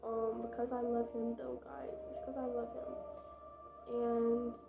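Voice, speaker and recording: A woman's voice: on the high side, little pitch movement, measured pace, creaky, highs cut off, loud music behind the voice. A young woman vlogger telling a casual storytime, chatty and dramatic, with lots of fillers and swearing.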